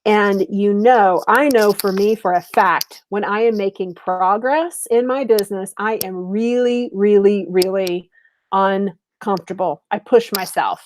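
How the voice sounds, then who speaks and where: A middle-aged woman business coach giving an upbeat, chatty webinar sales pitch, speaking straight to her viewers. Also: a little slow, a little hiss or hum.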